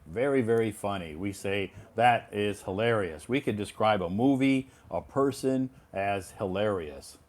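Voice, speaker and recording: A man teaching English on a live online lesson over a video call, explaining words in a lively way. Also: on the low side, measured pace, few pauses.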